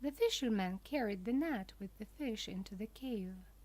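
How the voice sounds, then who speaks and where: A woman narrating a children's storybook for language learners in a careful, deliberate way. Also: medium pitch, animated, a little mellow.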